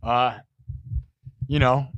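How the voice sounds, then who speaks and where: A livestream host and musician chats casually with viewers of his music stream, sounding boastful and defensive toward the chat. His medium-pitched voice is steady and fairly bright, with drawn-out words; there's no room sound, but the audio is dull.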